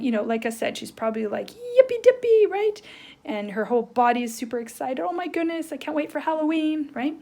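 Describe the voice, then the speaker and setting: A woman teacher giving a playful, animated lesson to young children, checking in with "right?" as she draws. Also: on the high side. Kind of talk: children's lesson, drawing along.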